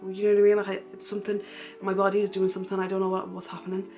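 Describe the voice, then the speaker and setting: A woman's voice: medium pitch, racing, faint music behind. Candid young woman telling a story. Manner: candid, animated retelling with frequent fillers. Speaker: vlogger. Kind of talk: casual storytelling vlog.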